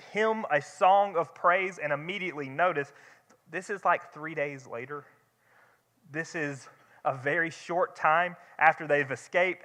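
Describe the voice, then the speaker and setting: A man's voice: fairly high pitch, pushed and bright. A young man teaching a church Bible study in a conversational way, with rhetorical questions and restarts. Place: church hall. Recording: long hall reverb.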